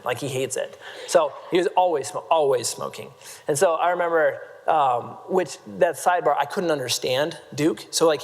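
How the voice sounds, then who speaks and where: On a large convention hall's main stage, with long reverb from the hall, a Nebraska man delivers a funny motivational keynote full of stories. His voice runs on the high side, and he's playful and self-mocking, joking with the live audience and filling his sentences with "like".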